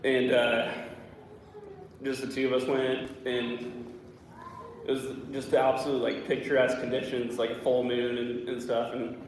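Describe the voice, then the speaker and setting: A man speaking at a memorial, halting and emotional, with many fillers, in a large room. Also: mid-range voice, monotone, a little hiss or hum. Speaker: eulogy speaker. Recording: echoey hall from far off.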